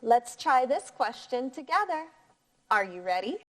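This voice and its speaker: A woman teacher reading a picture book aloud to young children in a clear, encouraging voice. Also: sits high, big pitch swings, a bit bright. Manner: slow, clear, encouraging teacher voice with sing-song inflection.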